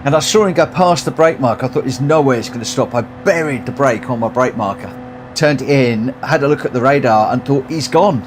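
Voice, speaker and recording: A man live-streaming a racing game, tired, chatting excitedly through races and reading out the results. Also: mid-range voice, a little fast, noisy background. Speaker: live-stream host and sim racer. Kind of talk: live gameplay commentary.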